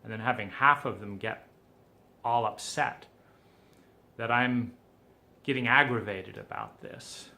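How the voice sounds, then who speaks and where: A man speaking in a gravelly, fry-laden voice that is pushed and tense. He gives personal testimony for a documentary, sounding frustrated, urgent and pleading as he talks. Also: medium pitch, big pitch swings, a little slow, pauses often, sharp tone. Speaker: documentary subject.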